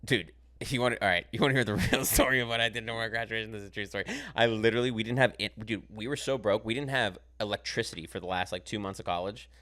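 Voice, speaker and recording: A young man with a low voice rattles off a story at a quick clip as he hosts a podcast. He is animated and profane, and he often breaks into laughter as he talks. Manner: animated, profane, laughs through his stories. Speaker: podcast host.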